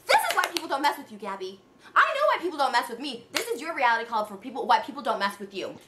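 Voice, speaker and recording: A woman in her thirties venting in an exasperated, animated rant. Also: high-pitched, quick pace, echoey room, background noise. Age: 30s. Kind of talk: emotional rant.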